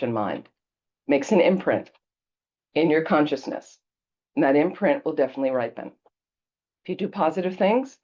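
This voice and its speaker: A woman's voice: low-pitched, darkish tone, lo-fi sound. A woman Buddhist teacher giving a casual dharma talk, telling stories conversationally and checking in with her listeners. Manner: conversational storytelling, checks in with "okay?".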